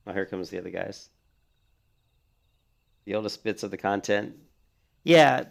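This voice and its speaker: A man's voice: lowish voice, a little slow, vocal fry, pauses often. A young man giving casual, rambling commentary while playing a video game. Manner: rambling, filler-heavy, restarts often. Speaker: gaming video host.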